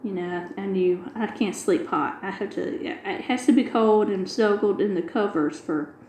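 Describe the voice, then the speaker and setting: While working on a diamond painting, a middle-aged craft video host tells a lengthy everyday story in a casual, chatty way, complete with quoted lines. Her mid-range voice is a little mellow and moves at a moderate pace. It's a rough recording, roomy and carrying a little hiss or hum.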